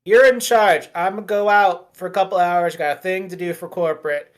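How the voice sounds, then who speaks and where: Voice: medium pitch, steady tone, fairly quick, close to an everyday voice. A GM doing a grumbling, weary burger joint manager. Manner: weary, grumbling, muttering to himself.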